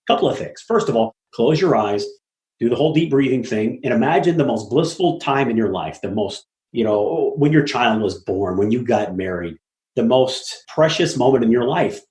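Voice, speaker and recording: Casual interview talk from a middle-aged guest who works as an apartment syndicator, recorded in an echoey room. His voice is mid-range and moderately paced. He tells animated stories bluntly and profanely, mimicking the people he quotes.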